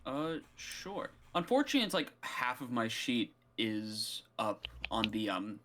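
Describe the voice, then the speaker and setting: Man, tabletop game player, casual, offhand, average pitch, faint hum behind. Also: big pitch swings, unhurried, bright, forceful tone.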